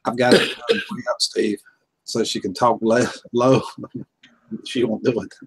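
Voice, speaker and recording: A man's voice: mid-range voice, fairly even intonation, takes it slowly, husky. A man hosting a casual home livestream, chuckling often and greeting chat viewers by name. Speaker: livestream host.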